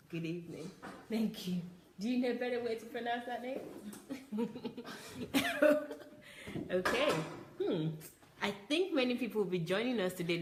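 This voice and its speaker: A woman's voice: fairly low pitch, a little mellow. Chatty woman hosting a livestream. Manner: greets viewers by name, chatty and upbeat. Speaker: livestream host. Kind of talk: casual livestream chat. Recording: echoey room, faint noise.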